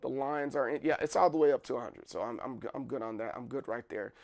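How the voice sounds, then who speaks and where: A man's voice: mid-range voice, fast talker, vocal fry, a little mellow, dry recording, clean studio sound. Rambling, playful man hosting a stream. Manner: rambling, playful, apologetic, many restarts. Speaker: livestream host. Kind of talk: casual livestream chat.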